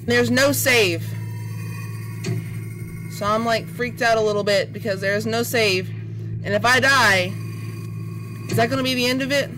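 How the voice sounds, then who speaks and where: Panicky woman gamer, high-voiced, game music underneath. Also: unhurried, long pauses, poor audio. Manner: panicky, repeats words nervously. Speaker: gamer playing a horror game. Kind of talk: let's play commentary. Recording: game music playing behind.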